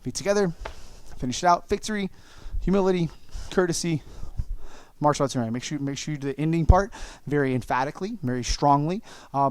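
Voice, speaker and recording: A man with a fairly high voice leads an online martial arts lesson, calling out each move and encouraging his students. His sound is dry and close, with no room echo. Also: smooth. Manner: coaching, encouraging, calls out moves and kiai shouts. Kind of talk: online class instruction.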